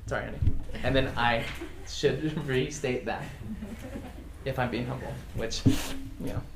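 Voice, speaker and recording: A man's voice: medium pitch, fairly even intonation, a little slow, gravelly. A man teaching a casual class, reading example phrases aloud and chuckling often. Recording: echoey room with faint noise.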